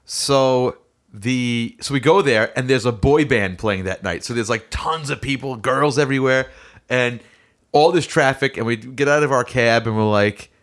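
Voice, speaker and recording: A young man in casual chat, telling a lively story and acting out the voices of people in it. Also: mid-range voice, normal speed. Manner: animated, acts out voices in stories.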